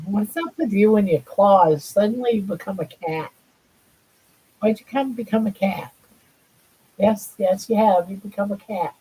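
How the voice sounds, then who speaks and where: A mellow, husky older woman talks slowly on a casual livestream from her home. She drifts between chatting with viewers and cooing to her pets in baby talk. Her tone stays soft and unhurried. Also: medium pitch, rough recording. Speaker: livestream host.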